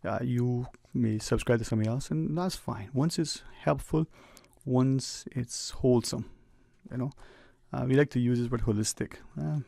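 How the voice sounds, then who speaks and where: A man's voice: mid-range voice, gravelly, warm tone, dry recording, clean studio sound. A man hosting a talk radio show, giving a reflective, preachy monologue in a conversational way. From Cayman Islands. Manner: conversational, preachy, speeds up and slows down for emphasis. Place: radio studio. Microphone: studio microphone.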